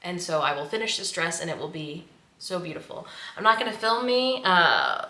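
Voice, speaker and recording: A woman's voice: lowish voice, sharp tone. A woman vlogging casually who gushes, chats and laughs often. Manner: gushing, chatty, laughs often. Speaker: sewing vlogger. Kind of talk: casual vlog chat. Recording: echoey room, faint noise.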